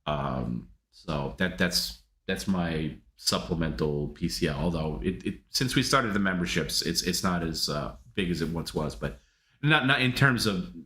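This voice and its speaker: Deep-voiced man rambling on a live stream. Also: a bit bright, reverberant. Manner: rambling, with many restarts and a quick laugh. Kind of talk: casual live stream chat reading viewer comments.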